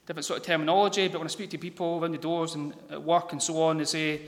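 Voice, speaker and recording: A lay preacher gives an informal gospel sermon in a church hall whose long, reverberant tail follows every phrase. His voice is a little high for a man and fairly even in intonation, and he halts, stumbles, repeats words and fills pauses with ums.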